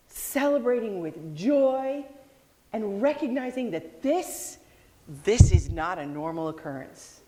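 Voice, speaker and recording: A woman preaching a sermon, telling a story with expressive delivery and acting out the people in it. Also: medium pitch, in a large hall.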